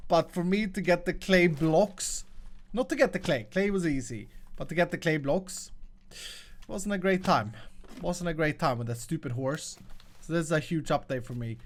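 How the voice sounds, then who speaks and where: A man's voice: sits high, a bit bright. A man hosting his own show, chatting through gameplay in an upbeat way and laughing often. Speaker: host. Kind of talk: casual gameplay commentary.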